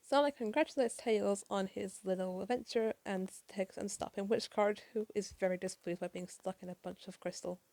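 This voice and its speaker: A tired woman rushes through a casual late-night comic review, apologizing and swearing as she goes. Her voice is gravelly, mellow and a bit high, and the sound is dry and close. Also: steady tone, dry recording.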